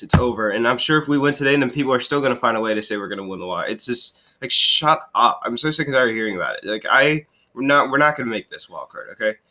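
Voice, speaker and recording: A man's voice: fairly low pitch, pushed and bright. A young man with a stuffy, sniffling voice, ranting in frustration while recapping a baseball game for his fan vlog. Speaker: fan vlogger recapping games.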